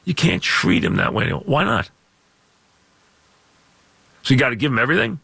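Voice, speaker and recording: Gravelly New sports radio host. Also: male voice, mid-range voice, sing-song, a little fast, no room sound. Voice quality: gravelly, scratchy voice. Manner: loud, emphatic, repeats points. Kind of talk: call-in talk radio rant. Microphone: studio microphone.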